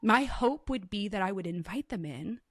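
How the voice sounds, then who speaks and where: A woman hosting a faith podcast, telling personal stories with animated acted-out quotes in a casual chat. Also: mid-range voice, normal speed, breathy edge, no room sound, studio quality. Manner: animated storytelling, acts out quotes in lively voices. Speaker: podcast host.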